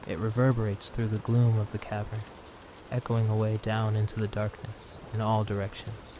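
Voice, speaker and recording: A man narrating a horror story in a calm, slow, hushed tone, meant for falling asleep. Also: fairly low pitch, noisy background. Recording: steady rain sound behind.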